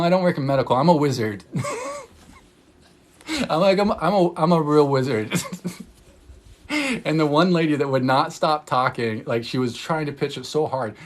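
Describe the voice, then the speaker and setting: Man, energy healer, livestream chat; fairly high voice, loose and rambling, swears a lot, gets fired up and laughs. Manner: candid and excitable, swears freely, laughs often; loose rambling talk full of "like". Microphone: phone livestream.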